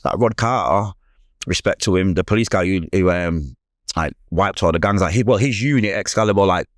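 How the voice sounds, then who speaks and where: A man, a podcast guest telling a personal story in rapid, slangy speech and acting out the people in it. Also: low-pitched, no room sound, clean studio sound. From Manchester, England. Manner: rapid, slangy, retells scenes with animated quoted voices.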